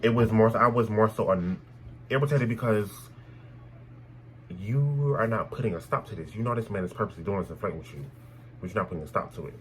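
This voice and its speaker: A young man telling a personal story in a casual, animated way, blunt and full of swearing. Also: fairly low pitch, fast, slight background noise, rough recording. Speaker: storytime vlogger.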